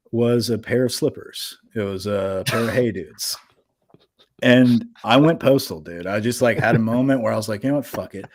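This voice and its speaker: Young dude on a podcast spinning a story, lots of "like", cusses a bunch. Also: male voice, fairly low pitch, dry recording, clean studio sound. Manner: animated, swears freely, lots of "like" fillers. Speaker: podcast host. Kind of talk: casual storytelling.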